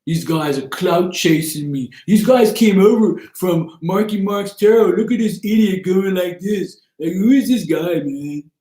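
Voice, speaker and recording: A man's voice: high-pitched, a little slow, hardly any pauses, dark tone, voice pushed up. A man imitating a brash young male livestreamer who talks in street slang and scoffs at his critics. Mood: scoffing. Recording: roomy echo.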